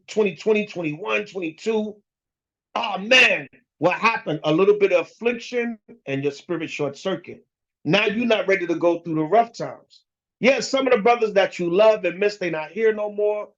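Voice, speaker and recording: Guy preaching in street slang, high voice, blunt and pushy, muffled lo-fi sound. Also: normal speed, fairly bright tone. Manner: emphatic, blunt, slangy, talks straight to listeners. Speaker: preacher teaching scripture. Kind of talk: casual street-style sermon. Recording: dull lo-fi recording.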